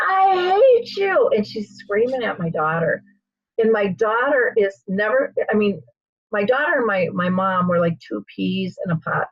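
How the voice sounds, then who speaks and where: A woman hosts an interview and tells a story with energy, acting out the voices of the people in it. Her voice is a little husky. The recording is dry and slightly muffled. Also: mid-range voice, no room sound. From United States. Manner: animated storyteller, acts out quoted voices. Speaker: host. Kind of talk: conversational interview, telling a personal story.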